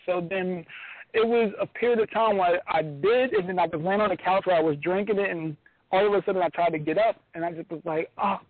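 A man's voice: high-pitched, no room sound. A man co-hosting a radio show, chatting casually and often restarting his sentences. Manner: halting, restarts sentences, laughs along. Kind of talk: casual chat. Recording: dry phone-line audio.

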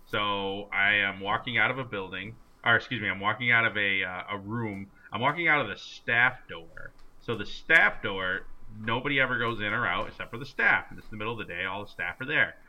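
A man's voice: fairly low pitch, fairly quick, hardly any pauses, pushed and bright, poor audio. A man co-hosting a casual sports podcast, telling stories with plenty of ums and uhs. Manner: chatty storyteller, many fillers. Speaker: podcast co-host. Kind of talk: casual chat.

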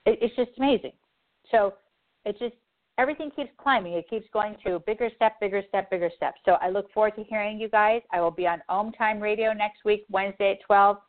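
A woman's voice: medium pitch, brisk. Earnest woman host on a tinny line. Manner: heartfelt, repetitive, earnest. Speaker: radio show host and psychic advisor. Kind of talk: emotional spiritual talk.

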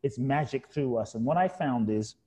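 A man's voice: mid-range voice, expressive, moderate pace, mellow. A middle-aged man, a guest author in an interview, telling a reflective personal story in an earnest, heartfelt way and repeating key words for emphasis.

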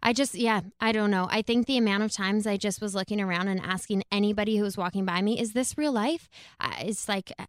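Brief: female podcast co-host, smooth clear voice, chatty, dry close mic. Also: mid-range voice, no echo. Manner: chatty, quick agreeing interjections. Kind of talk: casual podcast chat.

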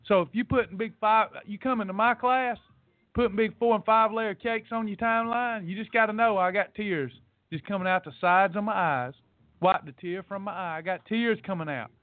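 A man's voice: sits high, normal speed, dry recording. A man hosting a weight loss podcast, ranting bluntly and scolding his listeners, repeating points for emphasis. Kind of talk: preachy motivational rant. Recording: tinny phone-like audio.

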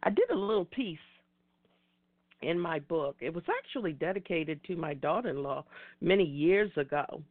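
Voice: medium pitch, big pitch swings, moderate pace, dry recording. Earnest host on a tinny phone-like line. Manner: earnest, emphatic, preacher-like repetition. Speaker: host of an online talk show. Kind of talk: motivational talk. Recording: dry tinny phone-like audio.

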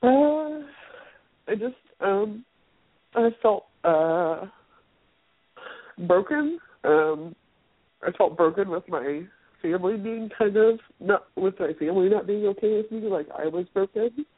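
A woman taking part in a guided session, speaking softly and hesitantly, full of pauses and restarts. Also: mid-range voice, breathy edge, no room sound. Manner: hesitant, soft, many fillers and restarts. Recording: tinny phone-line sound, dry.

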